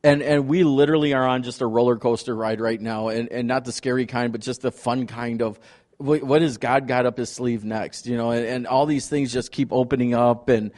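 A middle-aged man speaking as a visiting ministry leader at a church, telling stories in an excited, rambling way. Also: medium pitch. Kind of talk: testimony talk to a congregation.

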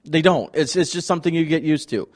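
A middle-aged man speaking as a visiting ministry leader at a church, telling stories in an excited, rambling way. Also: fairly high pitch, quick pace. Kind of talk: testimony talk to a congregation.

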